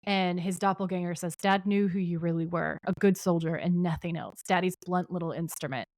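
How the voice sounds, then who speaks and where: Female podcast co-host, lower register, dry close sound, long scene-by-scene recaps. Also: brisk, darkish tone, dry recording. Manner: retells scenes at length, reading out dialogue. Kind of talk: casual chat, recapping a TV episode.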